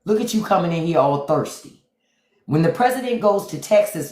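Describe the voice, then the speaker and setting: A man's voice: on the high side, animated, normal speed, a little mellow. Blunt middle-aged man in an echoey room. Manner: blunt, profane, talks straight to chat. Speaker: livestream host. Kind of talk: casual livestream commentary. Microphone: phone.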